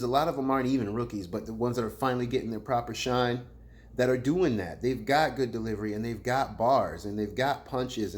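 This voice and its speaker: A man hosting a loose, slangy battle rap commentary. His voice sits at a middle pitch and swings between loud teasing callouts and quiet, dropped asides. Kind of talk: casual commentary.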